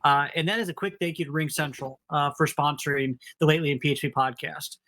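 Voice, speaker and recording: A man with a Minnesota accent talks in a slightly higher voice on a casual podcast. He rambles, jokes at his own expense and keeps it loose and chatty. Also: steady tone, fast talker, bright, forceful tone. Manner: self-deprecating, joking, rambling. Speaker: podcast co-host.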